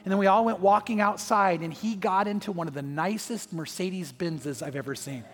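A man's voice: high-pitched, normal speed, long reverb tail, soft background music. A man preaching a sermon as pastor, telling a personal story and acting out the voices in it. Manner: storytelling, acts out voices in anecdotes.

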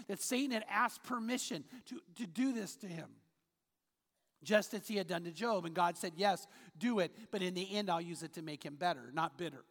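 A pastor delivers a sermon in a church auditorium, earnest and full of stories, and reads scripture aloud. His voice is high and somewhat bright. A long hall reverb trails through the recording.

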